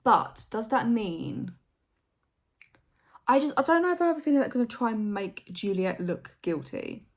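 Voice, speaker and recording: A woman's voice: fairly high pitch, animated, moderate pace. A young woman hosting a reaction video, thinking aloud in a hesitant, rambling way with many fillers and restarts. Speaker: reaction channel host. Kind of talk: casual reaction commentary.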